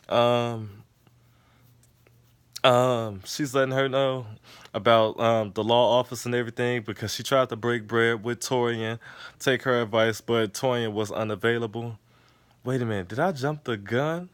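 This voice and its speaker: A man giving a casual, profane recap of a TV episode, telling it with animated storytelling. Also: mid-range voice, moderate pace, clear, resonant tone, no echo. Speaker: TV episode reviewer.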